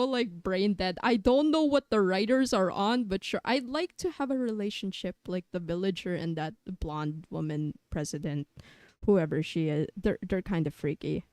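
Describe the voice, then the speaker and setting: A young woman live-streaming who rambles chaotically, swears a lot and argues with herself in quick back-and-forth. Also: mid-range voice, darkish tone, dry recording, studio quality. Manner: jumps between silly sounds, jokes and random tangents. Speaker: variety streamer.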